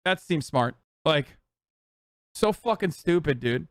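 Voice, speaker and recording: A man's voice: fairly high pitch, expressive, slow pace, no room sound, clean studio sound. A man in his thirties ranting and mocking in profane, casual live-stream commentary.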